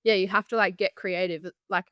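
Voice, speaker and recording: A woman co-hosts a casual podcast, asking direct questions and swearing easily. Her voice is smooth and mid-pitched. The sound is close and dry. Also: steady tone, brisk, fairly bright tone, dry recording. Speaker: podcast co-host.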